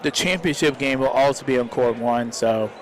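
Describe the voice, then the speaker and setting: A young man talks loosely into his streaming mic as a live commentator. He rambles in a sincere, heartfelt way and keeps tacking "man" onto his lines. His voice sits at an ordinary middle pitch. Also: moderate pace.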